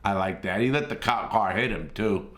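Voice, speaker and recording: A man's voice: on the low side, normal speed, noisy background. A middle-aged man giving blunt, streetwise casual commentary as a host, swearing freely. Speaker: host reacting to gameplay.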